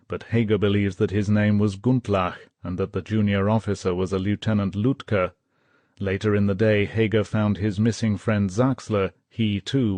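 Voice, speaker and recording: A man reading an audiobook in steady, measured scripted narration. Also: fairly low pitch, no echo. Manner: measured, steady storytelling, voicing characters' shouts.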